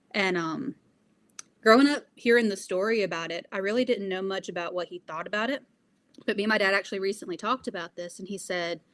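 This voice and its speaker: A woman's voice: on the low side, fairly bright tone. A young woman being interviewed, answering in an earnest, reflective way with frequent fillers. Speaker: interview guest.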